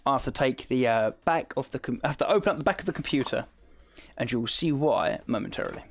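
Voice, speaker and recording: Male streamer, Essex accent, chatty and animated, laughs easily. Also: mid-range voice, fast talker. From south of England. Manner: chatty, reads chat aloud, laughs often. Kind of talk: live-stream tutorial chat.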